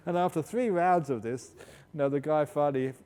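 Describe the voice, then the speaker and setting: A man's voice: normal speed, darkish tone. A man, a Buddhist monk, answering questions at a meditation retreat in a humorous, storytelling way and laughing as he goes. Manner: humorous, laughs while telling stories. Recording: long hall reverb with faint low rumble.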